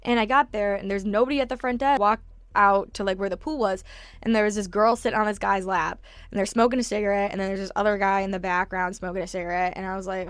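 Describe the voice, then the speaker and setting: A young woman in her twenties tells an animated, swear-heavy story straight to the camera, her pitch sitting in a middle range. The sound is dry and close, with no room echo. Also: fast. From United States. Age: 20s. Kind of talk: casual storytelling vlog.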